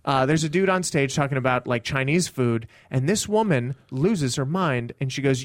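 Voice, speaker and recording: A man, a stand-up comic, telling a story in casual podcast chat and acting out the people in it with sudden high shouts. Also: lively intonation, moderate pace, hardly any pauses, no room sound, studio quality.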